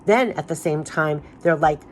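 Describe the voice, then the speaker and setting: Gushing woman reading tarot cards, low voice. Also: moderate pace, slight background noise. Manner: gushing, emphatic, repeats phrases. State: voice giving out. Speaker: tarot card reader. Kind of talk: spiritual card reading.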